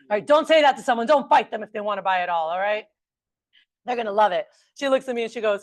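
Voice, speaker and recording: A woman's voice: medium pitch, fast, no room sound. A woman training a group of new salespeople, upbeat and chatty, often calling them "you guys". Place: meeting room with a large group.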